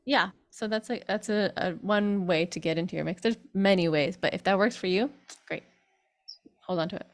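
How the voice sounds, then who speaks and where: A woman's voice: medium pitch, normal speed. A woman vocal coach giving a chatty online group singing lesson, breaking into sung demonstrations.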